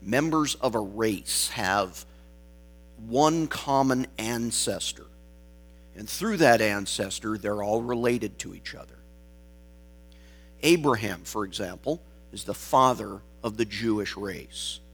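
A man preaching a sermon, reading scripture and explaining it with deliberate, emphatic stresses. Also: on the low side. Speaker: pastor.

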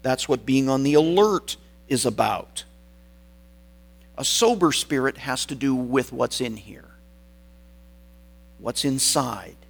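Slow, deliberate male preacher. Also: medium pitch, animated, creaky, rough recording. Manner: deliberate, emphatic phrasing with dramatic pauses. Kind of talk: sermon.

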